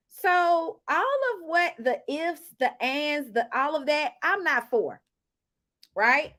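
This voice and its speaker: This woman's voice is high-pitched and slow as she chats with viewers about a reality show episode, telling stories and tossing in lively asides.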